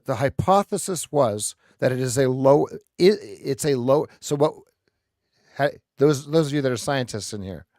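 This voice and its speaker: A man hosting a live trading stream, explaining charts in an animated, joking way and often repeating his words. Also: a little high, dry recording, studio quality.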